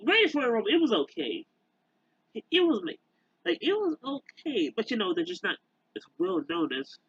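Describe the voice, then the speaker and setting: Rambling young man with a husky voice. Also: sits high, wildly swooping pitch, fairly bright tone, no room sound, muffled recording. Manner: rambling, halting, many fillers and restarts. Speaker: YouTuber. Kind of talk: casual rant to camera.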